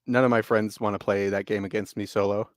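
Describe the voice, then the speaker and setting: A man co-hosting a casual chat, telling animated gaming stories, swearing freely and laughing often. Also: fairly low pitch, fairly quick, dry recording, clean studio sound. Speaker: podcast co-host.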